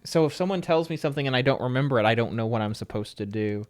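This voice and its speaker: A man's voice: mid-range voice, expressive, fast talker, faint music behind. A man streaming a game, keeping up a dry running commentary and talking back to the game. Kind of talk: casual live-stream gameplay chat.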